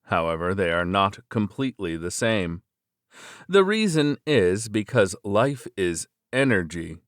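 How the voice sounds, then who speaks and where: A man narrating a web novel in a steady, measured reading voice. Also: sits low, no echo, clean studio sound. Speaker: audiobook narrator.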